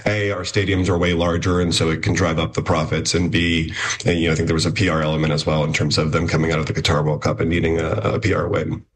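Man, reporter on radio, very deep voice, husky, analytical, lots of you-knows. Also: level tone, fast. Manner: analytical, leaning on "you know" and restarts. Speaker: reporter guest. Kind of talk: explanatory radio interview.

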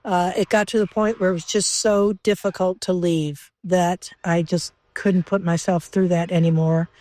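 A woman's voice: lowish voice, fairly even intonation, normal speed, warm tone. An older woman, a former lab researcher, recalling her years with chimps in an earnest, emotional documentary interview.

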